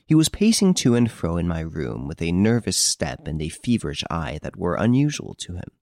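A man narrates an old novel in a very low, deep voice, measured and formal. The reading is close-miked and dry, with no room echo. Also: sing-song, vocal fry, darkish tone. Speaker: audiobook narrator. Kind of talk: scripted narration.

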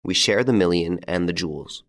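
A man reading the lines of a bold, mocking gentleman thief in an audiobook, with a jaunty, theatrical, taunting manner. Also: sits low, normal speed. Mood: persuasive.

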